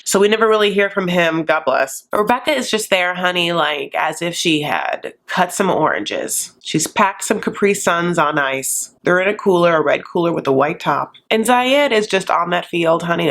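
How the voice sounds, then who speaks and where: A woman's voice: fairly low pitch, a bit bright. A woman hosting a YouTube recap channel, giving casual, sassy commentary full of campy, gossipy asides.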